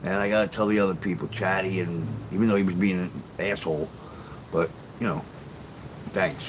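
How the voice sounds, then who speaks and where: A man's voice: low voice, steady tone, a little fast, noisy background. Blunt, profane older man chatting live. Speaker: livestream host. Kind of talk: casual livestream chat with viewers.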